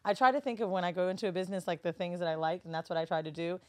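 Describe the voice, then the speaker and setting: A woman's voice: lowish voice, rapid-fire, darkish tone. A woman from Florida, a podcast guest and studio owner, telling stories in casual conversation with blunt, profane humor and acted-out quotes. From Florida, USA.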